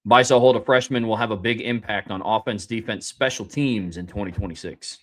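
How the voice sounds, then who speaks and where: A man's voice: fairly low pitch, fairly quick. A man co-hosting a sports podcast who reads listener submissions and gives blunt takes. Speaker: co-host. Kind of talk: casual sports podcast chat.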